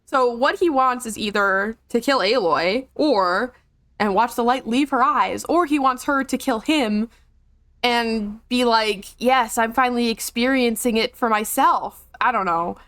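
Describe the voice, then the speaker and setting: A woman streaming a video game live, chatting excitably, swearing and joking as she comments. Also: fairly high pitch, measured pace, dry recording.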